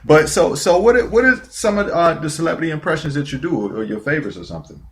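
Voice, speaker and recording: A man's voice: a little high, lively intonation, fast. Chatty male talk-show host. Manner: chatty, laughs easily. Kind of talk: casual interview.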